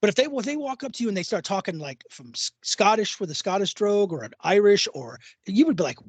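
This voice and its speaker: A man's voice: high voice, lively intonation, fast talker, slightly rough, no room sound. A man co-hosting a podcast, talking in a rambling, emphatic way with frequent restarts and swearing. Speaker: podcast co-host. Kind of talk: casual chat.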